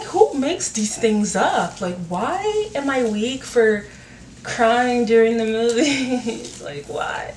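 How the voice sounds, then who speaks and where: A woman's voice: on the high side, darkish tone. A woman hosting a casual advice talk, speaking earnestly with many filler words. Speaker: YouTube talk host. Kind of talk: casual advice talk while doing her hair. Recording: roomy, from a distance, faint noise.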